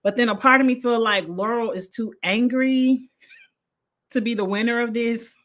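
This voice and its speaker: A woman, reviewing a reality show in a blunt, animated casual livestream chat with frequent laughter. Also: on the high side, normal speed. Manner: blunt, animated, laughs often, uses slang.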